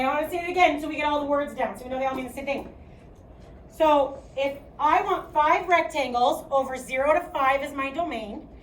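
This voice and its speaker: A woman's voice: high-pitched, a little hiss or hum. A young woman teacher with a Midwestern Chicago accent, leading a math class in a chatty, projecting way and checking in with "okay?" as she goes. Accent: Midwestern American, Chicago. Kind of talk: classroom lecture. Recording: echoey classroom from far off.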